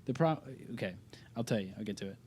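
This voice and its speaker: A man's voice: fairly low pitch, lively intonation, fast, a little mellow, a little hiss or hum. A young man, a podcast guest, telling a story in casual chat, rambling, swearing often and interrupting himself. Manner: rambling, profane, self-interrupting. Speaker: podcast guest, band singer.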